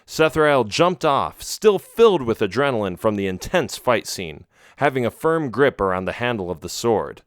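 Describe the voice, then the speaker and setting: A man reading a children's adventure audiobook in a steady, measured way. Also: medium pitch, no room sound, studio quality. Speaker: audiobook narrator. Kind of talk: storybook narration.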